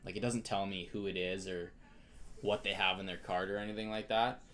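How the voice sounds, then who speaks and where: A man's voice: deep voice, little pitch movement, fairly quick, a bit bright. A young Canadian man hosting a live card break stream, chatting casually and greeting viewers by name.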